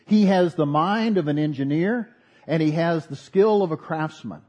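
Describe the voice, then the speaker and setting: A pastor preaching a sermon, earnest with folksy asides. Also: male voice, on the high side, moderate pace, darkish tone.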